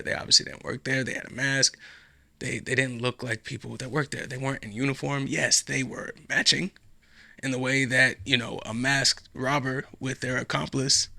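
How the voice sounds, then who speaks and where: A man's voice: mid-range voice, gravelly, pushed and bright, dry recording. A man hosting a podcast alone, talking in a rambling, sarcastic and profane way. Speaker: podcast host. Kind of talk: casual solo commentary.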